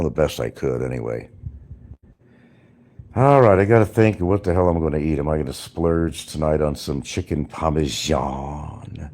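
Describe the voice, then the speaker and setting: Very deep-voiced rambling man. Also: a little mellow, slight background noise. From New York. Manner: rambling, talks straight to viewers. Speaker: livestreamer. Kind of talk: casual livestream chat.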